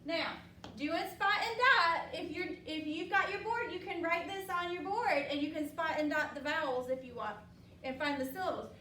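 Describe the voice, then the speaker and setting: A high-pitched woman teacher runs a phonics lesson in an upbeat, patient way, stretching words out slowly for the children. She sounds far from the microphone in an echoey classroom with a faint hiss behind her. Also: pushed and bright.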